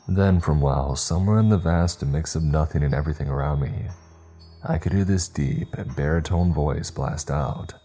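A man's voice: very deep voice, mellow, slightly rough. A man reading a scripted first-person horror story with dramatic, tense storytelling. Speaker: narrator.

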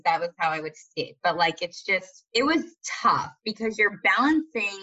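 A young woman talking as a podcast guest in casual chat, candid and dramatic, quick to poke fun at herself. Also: mid-range voice, animated, bright, forceful tone, highs cut off. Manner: candid, dramatic and self-mocking.

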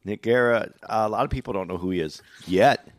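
A man co-hosting a podcast, chatting in a laid-back, low-key way. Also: a little fast, dry recording. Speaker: podcast co-host. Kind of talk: casual podcast chat.

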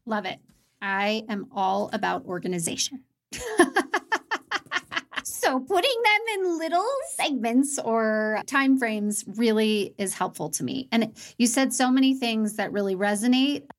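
A woman with a fairly high voice hosts a relaxed conversation. She tells stories earnestly, in quick bursts. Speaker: podcast host. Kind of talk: casual conversation.

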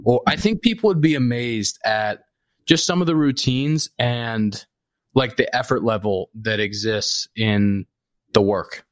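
A man's voice: medium pitch, unhurried, no echo. A man hosting a casual interview, asking easygoing questions. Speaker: podcast host. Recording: dry close mic.

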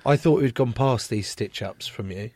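A man's voice: medium pitch, moderate pace, darkish tone, a little hiss or hum. A man from England hosting a podcast, joking around in casual chat and swearing freely. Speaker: podcast host.

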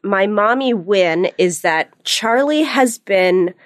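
Animated woman telling stories on a podcast. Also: mid-range voice, slow pace, no room sound, studio quality. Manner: animated, self-mocking storyteller. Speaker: guest. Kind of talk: casual podcast chat. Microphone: studio podcast mic.

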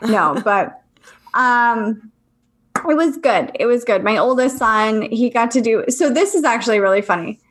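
Mom in her 30s co-hosting a chatty podcast, kinda high voice, really animated storyteller. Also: measured pace. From Virginia, US. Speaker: podcast co-host. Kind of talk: casual chat.

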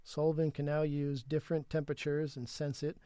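A man co-hosting a casual podcast, reading chatbot transcripts aloud in a flat, even delivery. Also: fairly high pitch, fairly quick, clean tone, no room sound, studio quality.

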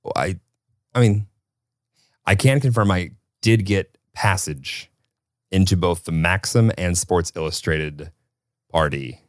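A man's voice: sits low, slow pace, long pauses, no room sound, studio quality. A man in his thirties co-hosting a podcast, chatting casually with playful, self-deprecating banter. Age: 30s. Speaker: podcast co-host. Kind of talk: casual chat.

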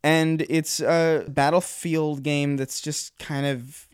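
A man's voice: a little high, little pitch movement, takes it slowly, smooth, dry recording, studio quality. A man co-hosting a casual gaming podcast, giving his opinions in a conversational way, often restarting his sentences. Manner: conversational, hesitant, many restarts. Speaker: podcast co-host.

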